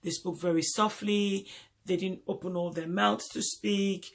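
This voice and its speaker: A man's voice: high voice, steady tone, unhurried, vocal fry, fairly bright tone. A man from Nigeria with a Nigerian accent, talking in an emphatic casual monologue and repeating points for stress. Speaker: vlogger host.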